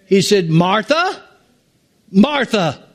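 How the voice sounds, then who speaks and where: A man preaching, his voice sitting high for a man. He swings widely up and down in pitch and stretches out his emphatic lines, speaking slowly and deliberately from the pulpit. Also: sing-song. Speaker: pastor. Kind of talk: sermon.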